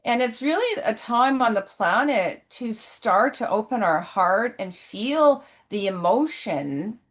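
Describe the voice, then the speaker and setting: A middle-aged woman speaking earnestly and emotionally as an interview guest, slow and halting. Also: a little high, animated, fairly bright tone. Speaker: guest, horse healer. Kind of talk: heartfelt interview answers. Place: ranch.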